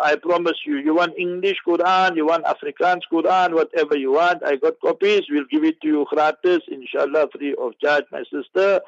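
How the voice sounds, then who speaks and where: A South African man with a slightly high voice answers listeners' questions on radio. He talks in a lively, preachy way full of wordplay. The sound is dry and dull, like lo-fi radio. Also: no room sound. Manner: animated, preachy, playful with wordplay.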